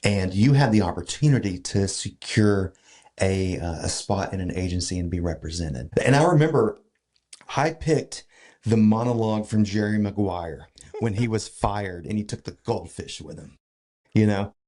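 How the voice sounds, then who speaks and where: This podcast guest is a man from Georgia, US, speaking at a normal speed with a fairly low pitch. Chatting casually, he works through a long story in an animated way, leaning on fillers and often starting over.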